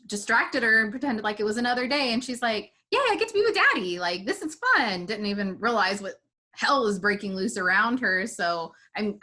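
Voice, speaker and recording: Young woman, guest, bright voice, mid pitch, chatty, laughs a lot. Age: young adult. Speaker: podcast guest. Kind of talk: casual chat.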